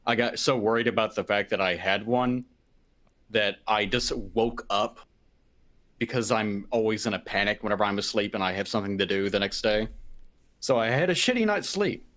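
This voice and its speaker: A man's voice: lowish voice, little pitch movement, moderate pace, a bit bright. A young man co-hosting a casual podcast, with a dry, sardonic way of talking. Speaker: podcast co-host. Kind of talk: casual banter.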